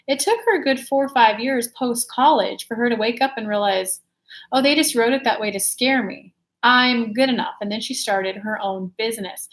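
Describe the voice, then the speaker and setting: A calm guiding spirit, as a woman channels it. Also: a little high, natural voice, poor audio. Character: calm guiding spirit speaking through a medium.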